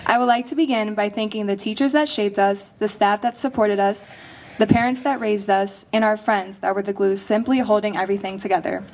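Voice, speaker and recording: A teenage young woman speaks a personal graduation speech with heartfelt earnestness. Her voice has a middling pitch and an even, sincere delivery. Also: a little fast, a little hiss or hum. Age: late teens. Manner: heartfelt, earnest, a little emotional.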